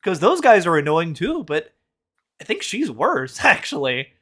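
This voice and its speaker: Hosting a casual reaction chat, a man speaks in a bright, forceful voice whose pitch swings hugely, and his pace runs a little slow. He reacts bluntly and mockingly, swearing freely.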